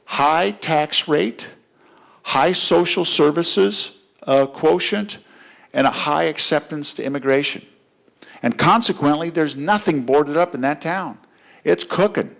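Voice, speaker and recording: A man's voice: fairly high pitch, slow, vocal fry, a bit bright. A man running for office, speaking at a fundraiser in a conversational way, telling stories with frequent fillers. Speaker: political candidate. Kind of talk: campaign speech at a fundraiser. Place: fundraiser gathering.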